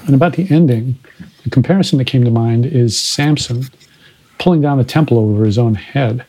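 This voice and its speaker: A man's voice: medium pitch, fairly quick, mellow, slightly rough, rough recording. A man hosting a podcast, analyzing films in a conversational way. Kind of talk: casual film discussion.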